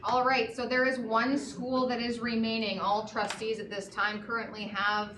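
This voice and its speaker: A woman chairing a school board meeting, reading through a list in a brisk, orderly way. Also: a little high, flat delivery. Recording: echoey room, far from the mic, faint noise.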